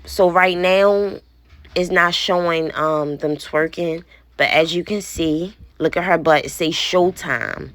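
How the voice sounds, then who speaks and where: A woman in her thirties talks to the camera as a worried mother, blunt and indignant, with an occasional curse. Her voice sits low and her pace is unhurried. The sound is dry and close, with almost no room around it. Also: fairly bright tone, no room sound. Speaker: parent vlogger. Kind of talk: casual vlog, showing a phone.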